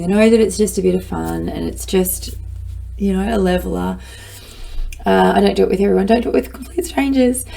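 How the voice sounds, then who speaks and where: A middle-aged woman giving a lively, playful motivational talk, acting out her own inner voice. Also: mid-range voice, creaky. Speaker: self-help speaker.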